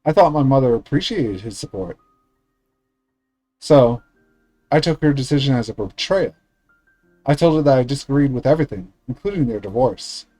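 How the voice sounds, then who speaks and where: A man streamer reading a visual novel aloud in a steady, earnest way with small slips. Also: medium pitch, normal speed, long pauses, no echo, faint music behind, rough recording.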